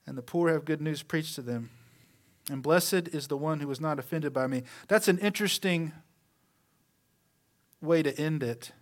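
A man's voice: fairly high pitch, normal speed, long pauses. Man preaching with rhetorical questions. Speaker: pastor. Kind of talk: sermon.

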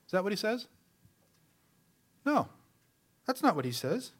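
Delivering a conversational sermon, a male pastor poses rhetorical questions and lets his voice drop soft at the ends of phrases. His voice is high-pitched and slightly rough, very animated but unhurried.

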